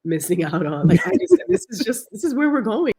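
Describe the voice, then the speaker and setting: A woman co-hosting a podcast, chatting casually and reacting with quick affirmations. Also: medium pitch, very animated, mellow, breathy edge. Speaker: podcast co-host. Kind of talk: casual chat.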